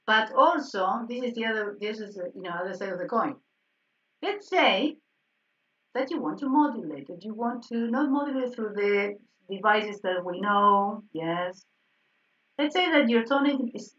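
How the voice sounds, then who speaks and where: Woman teacher on a dull distant call. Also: a little high. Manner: explanatory, checks in with frequent "yes?" and soft laughs. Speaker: piano and harmony teacher. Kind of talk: online group lesson. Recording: slightly dull, distant online call audio.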